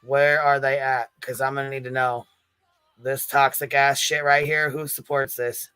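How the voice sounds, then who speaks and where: A man's voice: mid-range voice, little pitch movement, moderate pace, sharp tone, smooth, dry recording, faint music behind. Indignant, profane man commentator. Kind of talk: reaction commentary.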